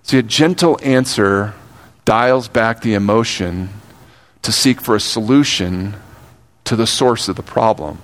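Older pastor preaching earnestly. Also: male voice, fairly low pitch. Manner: earnest, shifts between slow emphatic phrasing and quick asides. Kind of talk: sermon.

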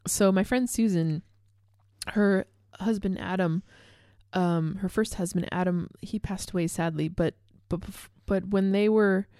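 A woman's voice: mid-range voice, steady tone, measured pace, dark tone, no echo. Woman rambling through a story, lots of "like" and "dude", mid voice, dry close mic. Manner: rambling, self-correcting storyteller, says "like" and "dude" a lot. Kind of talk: casual chat.

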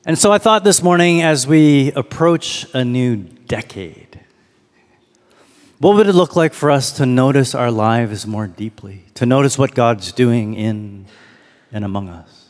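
A man's voice: medium pitch, animated. Reflective male pastor in a reverberant hall. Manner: reflective, slows to read and linger on lines. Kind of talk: sermon.

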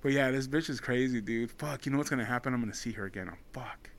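A man's voice: mid-range voice, fast. A man in casual chat, talking in a laid-back, slangy, teasing way.

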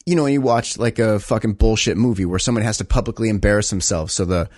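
A man's voice: lowish voice, quick pace, darkish tone, no echo, studio quality. A man co-hosting a casual podcast chat, blunt and profane, reading aloud and acting out quotes. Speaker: podcast co-host.

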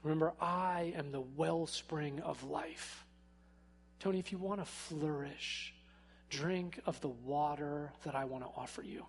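A man voicing God as a gentle, patient presence calling a distracted man back, speaking softly and reassuringly. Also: mid-range voice, a little fast, husky, pitched below the performer's own voice, close to an everyday voice. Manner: soft, hushed, reassuring.

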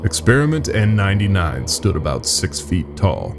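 A man's voice: sits low, sing-song, normal speed, vocal fry, over music. A man narrating a first-person horror story in a grim, wry manner.

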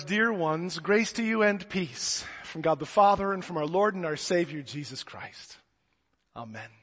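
Animated high-voiced pastor, echoey church. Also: male voice. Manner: animated storyteller who jokes. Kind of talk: sermon.

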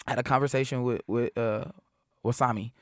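A young adult man talks in a relaxed, slang-heavy interview voice, recorded close and dry with little room sound. He tells stories with energy and jumps into other people's voices as he goes. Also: medium pitch, fairly quick, dry recording. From Seattle area. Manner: animated storyteller who acts out quoted voices, heavy slang and profanity. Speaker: rapper, interview guest. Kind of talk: casual interview chat.

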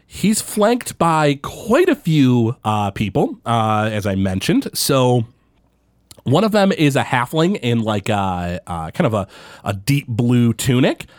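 A young man runs a tabletop game, describing the scene in a loose, rambling way. His pitch leaps up and down, and the recording is close and dry. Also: sing-song, slow, dry recording. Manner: rambling, lots of fillers, pitch jumping around. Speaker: game master.

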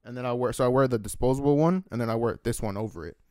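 Fast, smooth-voiced young man chatting. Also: medium pitch, a little mellow, dry recording, studio quality. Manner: swears often, tells stories with acted quotes. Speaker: podcast co-host reading chat. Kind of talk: casual chat.

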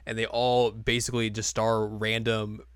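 A man's voice: lowish voice, flat delivery, normal speed, a bit bright, clean tone, no room sound, studio quality. A young man hosting a casual anime recap podcast, joking and sarcastic as he rambles through the episode. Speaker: podcast host.

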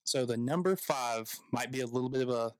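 A man's voice: mid-range voice, fairly quick, clean tone, no echo, poor audio. A man from the American South co-hosting a movie podcast, chatting with enthusiasm and plenty of restarts. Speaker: podcast co-host. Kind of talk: casual movie chat.

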